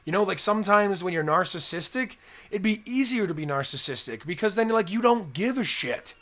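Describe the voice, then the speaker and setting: A young man talks earnestly on a casual podcast, rambling through his points and slipping into people's inner thoughts. His voice sits fairly high for a man. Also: lively intonation, brisk, a bit bright. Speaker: co-host.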